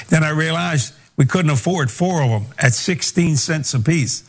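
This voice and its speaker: Older male preacher, slightly high voice, animated folksy guest storyteller. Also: moderate pace, few pauses. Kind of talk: storytelling interview.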